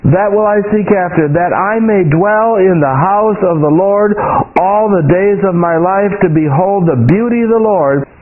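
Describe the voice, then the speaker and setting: A man's voice: sits high, unhurried. A man preaching a sermon, telling a personal story with quoted prayers and asking his congregation for amens. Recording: tinny phone-like radio broadcast.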